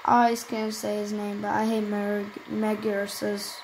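A woman chatting excitedly to her viewers while she plays a video game. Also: medium pitch, moderate pace, slight background noise, rough recording. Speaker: gaming channel host. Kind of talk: casual gameplay commentary.

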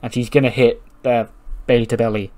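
A man narrating a wrestling management game in a loose, chatty way. He swears freely and slips into the characters' voices as he goes. His pitch sits in the middle. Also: flat delivery, brisk, warm tone. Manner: casual, swears, acts out characters. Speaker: game commentator. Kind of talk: narrating a wrestling sim playthrough.

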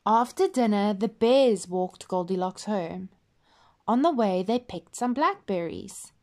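A woman reads a children's story aloud at an unhurried pace. Her voice is clear and gentle, with the careful phrasing of someone reading to young listeners. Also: medium pitch, animated.

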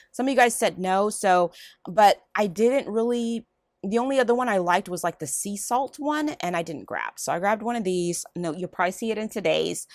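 Haul vlogger, woman, rambling casual delivery, very lively pitch, dry close sound. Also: dry recording. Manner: rambling, chatty, lively ups and downs. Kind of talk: casual chatty haul video. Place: home room.

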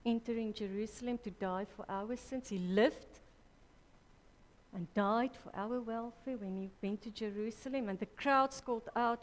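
A woman preaching a sermon at a church women's conference, slow and deliberate, correcting herself mid-sentence. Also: a little high, steady tone. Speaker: conference speaker. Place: church hall. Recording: reverberant church hall.

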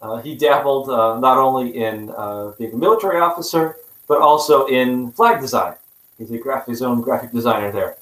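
A man's voice: medium pitch, fairly bright tone. Guy giving a history talk, lots of uh's and restarts, kinda wry, echoey room sound. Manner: halting, many fillers and restarts; wry, self-mocking asides. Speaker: history presenter. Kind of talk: public history lecture with slides.

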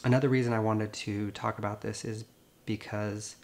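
A grieving man, a veterinarian, speaks to camera in a gentle, earnest and consoling way. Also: lowish voice, level tone, moderate pace. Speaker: veterinarian and video host. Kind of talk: personal vlog talk to camera.

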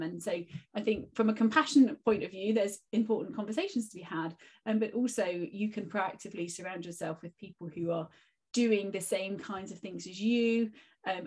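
A woman's voice: a little high, a little mellow. A woman, a guest teacher and author, speaking in a casual conversational interview and giving reflective, encouraging advice.

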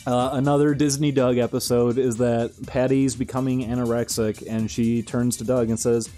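A man's voice: mid-range voice, little pitch movement, moderate pace, few pauses, dark tone, faint music behind. A young man streaming, rambling through casual commentary with frequent amused laughs.

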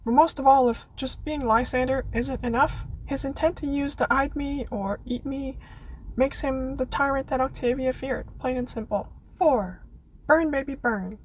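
A woman's voice: sits high, moderate pace, slight background noise, poor audio. A woman reading out her prepared fan essay in an earnest way, with playful dramatic flourishes. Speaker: listener contributor.

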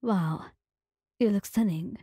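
A woman's voice: medium pitch, takes it slowly, husky, dry recording. Woman playing affectionate male swordsman, whispered role-play, dry close sound. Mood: tender. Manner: soft tender whisper.

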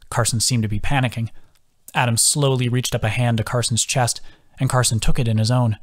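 A man's voice: medium pitch, fairly quick. A man, the author, reading his own fantasy novel as scripted audiobook narration. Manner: steady storytelling.

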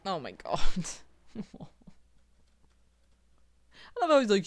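A woman's voice: a little high, very animated, normal speed, faint music behind. A young woman giving casual commentary as she plays a video game, chatty and swearing, laughing at the game. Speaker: gameplay streamer. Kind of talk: casual let's-play commentary.

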